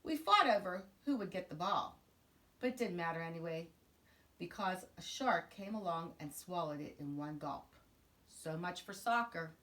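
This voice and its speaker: A woman teacher reading a children's picture book aloud in an expressive, sing-song way. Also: fairly low pitch, normal speed, slight background noise. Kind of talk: children's storybook read-aloud.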